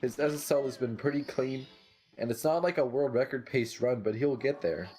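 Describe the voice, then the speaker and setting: A man giving casual play-by-play commentary on a speedrun race, relaxed and full of fillers. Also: medium pitch, normal speed, faint music behind. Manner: relaxed, lots of filler "like" and "you know".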